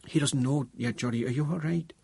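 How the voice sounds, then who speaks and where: A man's voice: medium pitch, gravelly, dark tone, husky, no echo, voice pushed up. A man voicing a shaken older father. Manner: halting, hesitant, with many pauses. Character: shaken older father, grieving, formerly a doctor.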